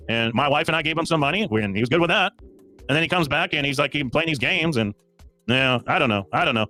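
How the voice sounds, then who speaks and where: A man's voice: fairly high pitch, expressive, fast talker, sharp tone, soft background music. A man hosting a livestream, defending himself over and over in a heated call-in argument. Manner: defensive, repetitive, insistent. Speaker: livestream host.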